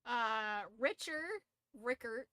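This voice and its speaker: Young woman streamer, kinda high voice, slow drawl, cusses a lot, laughs, dead dry mic. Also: sharp tone, clear, resonant tone, no echo. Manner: swears freely, laughs often, shrieks in disbelief. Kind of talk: casual live-stream chat.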